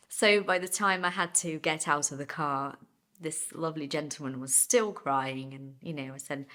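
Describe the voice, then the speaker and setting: Low-voiced woman telling a story. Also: normal speed, pushed and bright. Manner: chatty, explains idioms mid-story; laughs while telling. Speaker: English teacher. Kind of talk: storytelling English lesson.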